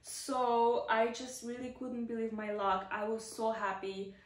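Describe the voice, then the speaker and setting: This is a woman vlogging in a casual, chatty storytelling voice that sits a little on the high side. She talks with excitement and scatters "like" through her sentences. The room around her gives the sound a noticeable echo. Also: unhurried. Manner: chatty, excitable, many "like" fillers. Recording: roomy echo.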